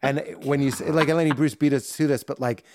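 Dry, animated comedian man riffing. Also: mid-range voice, quick pace, no room sound. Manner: animated riffing with comic bits. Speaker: guest comedian. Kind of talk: casual podcast chat.

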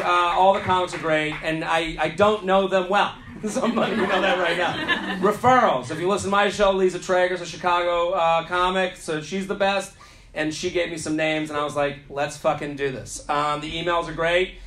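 A man hosting a comedy podcast live on a club stage, telling a story in an animated, joking way with plenty of swearing. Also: sits high, normal speed. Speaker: podcast host. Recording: echoey club with audience noise.

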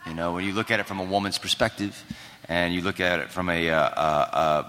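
A man with a Southern American accent, answering a fan halting and full of uh's on a live theater stage. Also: sits low, steady tone, bright, forceful tone. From American South, raised in Georgia. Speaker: guest actor. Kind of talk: live panel chat. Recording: long theater reverb, faint noise.

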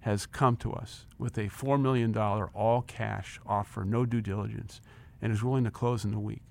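A man's voice: on the low side, moderate pace, gravelly. A man in his sixties, a guest in an interview, telling a personal story with energy, acting out the dialogue and repeating words as he gets carried away. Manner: animated storyteller, acts out quoted dialogue, repeats words when excited. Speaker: interview guest, former company chief.

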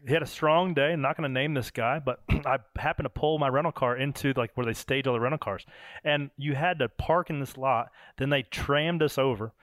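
A man hosting a podcast who is also a race driver, telling animated stories in casual chat and swearing now and then. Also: medium pitch, fairly quick, no room sound.

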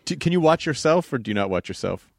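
A man hosting a relaxed conversation, his voice rising and falling in a lively, animated way as he asks questions and reacts with encouraging comments. The recording is dry and close. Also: mid-range voice, fast, gravelly, no room sound. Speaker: interviewer host.

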